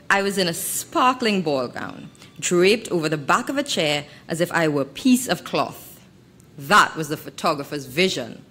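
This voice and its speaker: A woman's voice: on the low side, a bit bright. A young woman, an author, giving a wry, sardonic live reading of her own story at a literary festival. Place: festival venue hall.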